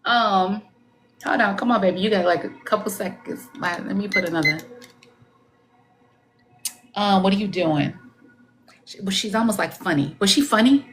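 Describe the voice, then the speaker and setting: Halting psychic medium woman on a live stream. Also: medium pitch, noisy background. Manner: halting, searching for words, coaxing; relays messages with swoops up into quoted speech. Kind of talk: live-stream spirit reading.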